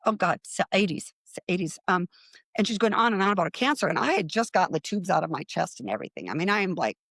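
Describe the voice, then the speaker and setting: A middle-aged woman telling her own story in casual talk, lively and quick to act out what others said. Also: no echo. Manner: animated, acts out quoted voices with rising pitch. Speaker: guest.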